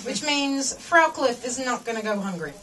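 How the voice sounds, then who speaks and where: High-voiced woman doing stand-up far from the mic. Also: animated, normal speed. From English-speaking foreigner living in Germany. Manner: rambling, self-mocking, with voiced quotes. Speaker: stand-up comedian. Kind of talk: stand-up comedy set. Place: comedy venue, large room. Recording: live set from far off, loud crowd.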